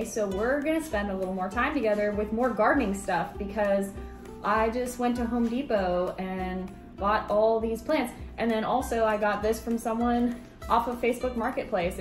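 A young American woman in her twenties chatting casually at home as she gardens, bubbly, hyper and rambling. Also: on the high side. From United States. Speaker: vlogger. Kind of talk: casual chat while gardening. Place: at home, indoors and in the yard.

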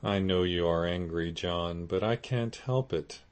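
A man reading an audiobook voices a remorseful young wife, pitching his deep voice up and pleading. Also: lively intonation, slow, a little mellow.

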